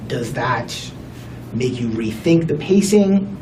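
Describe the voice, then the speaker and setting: A man's voice: expressive, slow pace. A man, a reporter, asking a probing question at a press briefing. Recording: echoey room from far off with rumble.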